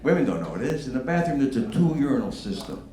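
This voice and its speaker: A man doing a stand-up comedy set in a brash, profane way, with animated bursts. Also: medium pitch, fast talker. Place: comedy stage before a live audience. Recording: echoey room with loud background noise.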